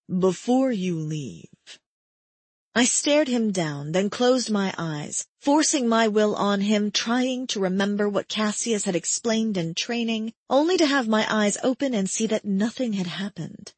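A woman narrating first-person fiction in a breathy, measured, steady voice. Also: medium pitch, no room sound. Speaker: audiobook narrator.

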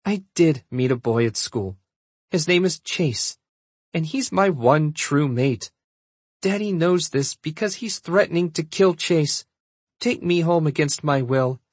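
A man voicing a defiant young shifter princess in an audiobook, talking firmly with a husky voice. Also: fairly high pitch, no room sound. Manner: firm, defiant, rising to outrage. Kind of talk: audiobook character voice.

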